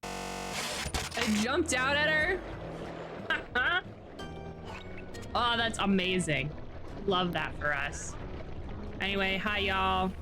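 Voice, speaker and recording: A woman's voice: mid-range voice, wildly swooping pitch, extremely slow, long pauses. Playful, goofy young woman streamer. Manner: playful, goofy, swearing freely. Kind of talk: casual live-stream chat. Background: game music.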